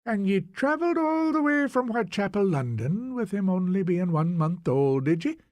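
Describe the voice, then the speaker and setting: A man's voice: high voice, sing-song, moderate pace, darkish tone, no room sound, pitched above the performer's own voice. A man voicing a nosy older Scottish landlady who asks prying, sing-song questions in a Scottish accent.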